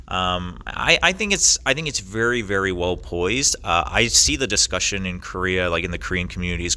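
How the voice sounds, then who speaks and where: A man's voice: low-pitched, bright, forceful tone, smooth. A young man, an esports caster, answering interview questions thoughtfully with many fillers and restarts.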